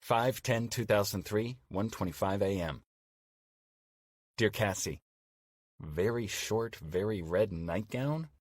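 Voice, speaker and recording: A man voicing a playful man in his forties, low voice, dry close sound, audiobook drama. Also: slow pace, pauses often, no echo. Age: 40s. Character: lonely man in his forties, flirting by email.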